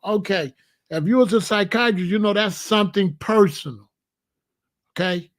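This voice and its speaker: Argumentative male commentary host, high voice. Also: normal speed, pauses often. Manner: argumentative, piling up rhetorical questions. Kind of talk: reaction commentary.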